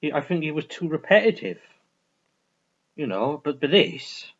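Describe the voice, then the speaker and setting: A man's voice: fairly high pitch, sing-song, normal speed. A man rambling through a casual film review, restarting sentences and swearing freely. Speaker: vlogger reviewing films. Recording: dull lo-fi recording.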